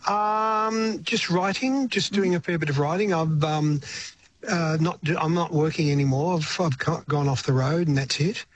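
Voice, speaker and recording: Older Australian man, relaxed and reflective. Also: fairly high pitch, moderate pace. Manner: reflective, rambling with frequent restarts. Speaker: retired singer-songwriter guest. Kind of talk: radio interview.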